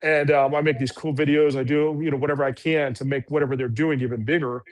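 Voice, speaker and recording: Veteran guy chatting on a local show, kinda high voice, rambly and earnest, lots of um and you know. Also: fairly even intonation, quick pace. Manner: rambling, earnest, many fillers and restarts. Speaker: veteran guest. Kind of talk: casual interview storytelling.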